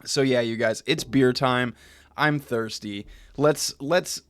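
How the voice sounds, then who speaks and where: A man's voice: mid-range voice, slow, a bit bright, smooth, no echo, clean studio sound. Chatty American man streaming at home. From United States. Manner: loose, chatty, swearing, trails off and restarts. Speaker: streamer hosting a beer tasting stream. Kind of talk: casual chat to a live stream chat. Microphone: desk microphone.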